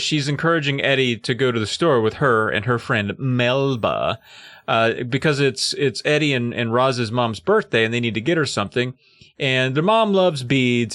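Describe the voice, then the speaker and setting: A man's voice: mid-range voice, a bit bright, dry recording, clean studio sound. A man co-hosting a podcast, retelling a story in a loose, joking way and laughing often. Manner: laughing, jokey, slips into silly voices. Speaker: podcast co-host. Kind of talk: casual chat, retelling a story.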